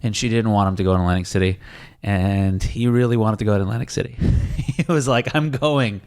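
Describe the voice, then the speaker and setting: A man's voice: on the low side, fairly quick, darkish tone, smooth. Rambling storyteller man, podcast host. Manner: rambling storyteller, laughs mid-sentence. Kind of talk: casual chat.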